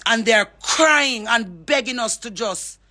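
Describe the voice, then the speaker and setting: A woman's voice: a little high, slow, sharp tone. A woman from Jamaica with a Jamaican accent, a singer making a fervent, preachy appeal on social media and calling people out by name. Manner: fervent, preachy, calls out names.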